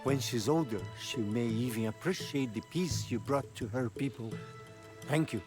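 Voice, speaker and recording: A man plays a stern village elder in a video game, speaking in a measured, reproving tone at a mid pitch. Game music plays clearly behind him. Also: close to an everyday voice.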